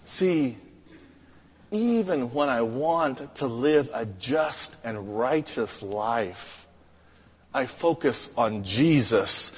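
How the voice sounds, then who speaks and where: A man preaching a storytelling sermon, animated, swinging from loud to hushed. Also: medium pitch, drawn-out words, breathy edge. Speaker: pastor. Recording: echoey hall.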